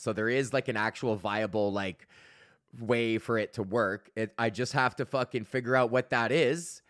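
A man's voice: mid-range voice, fairly bright tone, dry recording, studio quality. A man in his thirties hosting a podcast, rambling in a casual solo rant with heavy swearing and many fillers. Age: 30s. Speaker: podcast host.

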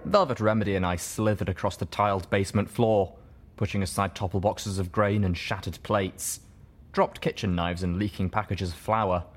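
A man narrating an audiobook in the first person, with a steady, measured reading. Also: deep voice.

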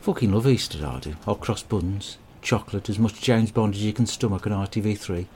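A man performs a comic monologue. He rambles in a crude, deadpan way. A faint background hiss sits under his voice. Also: lowish voice, a little fast.

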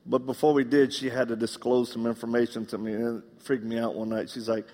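Southern male preacher, gravelly voice, comic storyteller; long hall reverb. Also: mid-range voice, flat delivery, a little fast, mellow. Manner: humorous storytelling, acts out dialogue. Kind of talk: live sermon. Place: church.

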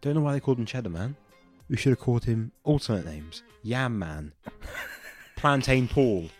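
A man's voice: medium pitch, animated, normal speed, dark tone, soft background music. A man in casual chat who asks the questions and makes jokes.

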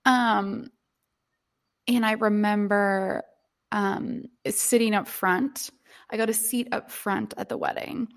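A young woman co-hosting a podcast in casual chat, rambling and quick to laugh. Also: medium pitch, steady tone. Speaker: podcast co-host.

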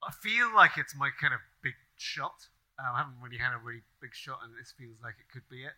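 A man speaks on a live festival stage, with a very bright, forward tone. He tells his stories with animation, playing out every side of the exchange as he goes. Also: mid-range voice, fast talker, rough recording. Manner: animated storyteller who acts out quoted exchanges. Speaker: crime author on a festival panel. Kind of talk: live panel chat.

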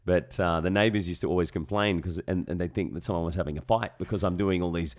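A man hosting a casual chat, animated and quick to break into character voices. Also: deep voice. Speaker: podcast host and voice actor.

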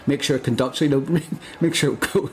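A man's voice: mid-range voice, fairly quick, a little mellow, slight background noise. A man co-hosting a casual podcast chat, jokey and often laughing. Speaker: podcast co-host.

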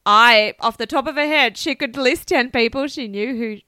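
A woman's voice: a little high, moderate pace, pushed and bright, clear, resonant tone, dry recording, studio quality. A woman with an Australian accent, co-hosting a casual podcast chat, laughing often and swearing freely. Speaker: podcast co-host.

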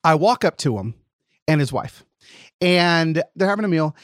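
A man hosting a podcast, telling a story with lively acted-out quotes in casual chat. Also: a little high, normal speed, no room sound, clean studio sound. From lives in Nashville, Tennessee. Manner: animated storyteller, acts out quotes. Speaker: podcast host.

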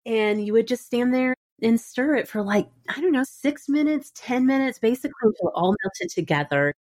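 A woman's voice: fairly high pitch, expressive, moderate pace, a little mellow. A woman in her thirties hosting a podcast, chatting casually and laughing often. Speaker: podcast host. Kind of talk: casual chat.

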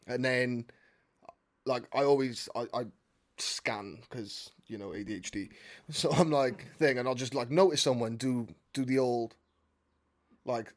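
A man co-hosting a podcast, blunt and teasing, swearing casually. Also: medium pitch. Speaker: podcast co-host. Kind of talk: casual chat.

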